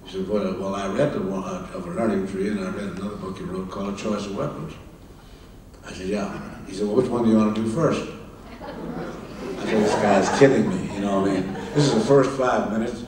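Low-voiced older man telling stories in an echoey hall. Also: darkish tone. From Kansas. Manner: halting, repeats words, acts out the other people in his dialogue. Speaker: film director and author, guest speaker. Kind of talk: anecdotal storytelling on stage. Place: large hall at a public event. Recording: echoey hall, distant mic, faint noise.

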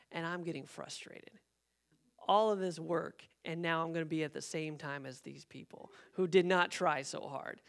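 A man preaching as a pastor, telling a personal story in an animated way and acting out the quotes. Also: sits high. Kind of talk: sermon storytelling. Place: church sanctuary.

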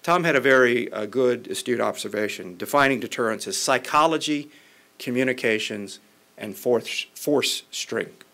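Male lawmaker at a podium mic with a mid-range voice and a measured, formal delivery. He stumbles now and then. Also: mid-range voice, pushed and bright. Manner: measured and formal, with occasional restarts. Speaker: member of Congress. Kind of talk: formal policy speech.

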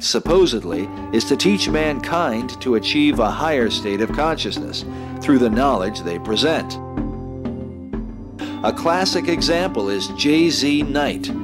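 Documentary narrator over music. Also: male voice, medium pitch. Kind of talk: scripted narration.

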